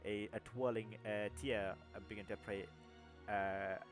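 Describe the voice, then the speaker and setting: A young man narrating a tabletop game as game master, halting with many fillers and restarts. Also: on the low side, steady tone, soft background music.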